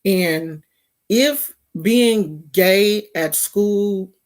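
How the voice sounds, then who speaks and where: A woman's voice: medium pitch, drawn-out words. A woman from California giving casual gossip commentary in a slangy, mocking, rambling way. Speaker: vlogger.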